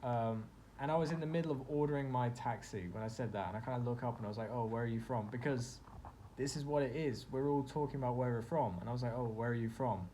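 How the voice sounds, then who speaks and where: A man's voice: mid-range voice, fast talker, warm tone, slight background noise. A young man telling a personal story in a casual vlog, rambling and full of fillers as he reflects on his own feelings. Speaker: vlogger.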